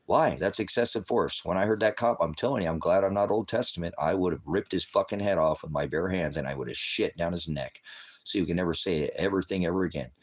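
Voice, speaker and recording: A middle-aged man ranting angrily on a livestream as a father, cursing heavily and swinging from shouting to quiet. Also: low-pitched, fast talker. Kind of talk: angry livestream rant.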